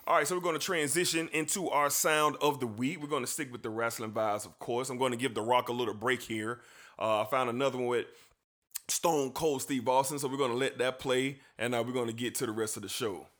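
A man's voice: mid-range voice, brisk. A man hosting a sports talk show, chatting casually and easily, often repeating words as he goes. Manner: relaxed, repeats words, slangy. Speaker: sports podcast host.

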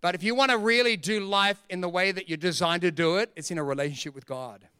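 A middle-aged man, preaching a sermon as pastor in an energetic, joking, emphatic way. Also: sits high, fast talker, smooth, dry recording, clean studio sound.

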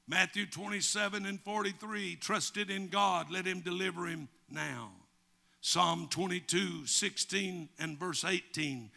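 A Southern American man preaches a sermon in a church, his voice pitched fairly high with a gravelly texture. He speaks slowly and deliberately, lifting into emphatic, preacherly cadences when he reads scripture. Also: bright, forceful tone. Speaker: pastor.

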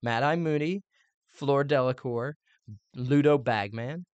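Playful dad, dry close sound. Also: male voice, medium pitch, slow, clean tone, no room sound, lo-fi sound. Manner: animated, playful, teasing. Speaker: podcast co-host, father. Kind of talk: casual chat.

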